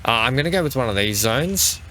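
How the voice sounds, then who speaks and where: Quick and lively, his medium-pitched voice is pushed and bright, with slight background noise. This gaming host keeps his let's play commentary chatty and talks to the vehicles in the game.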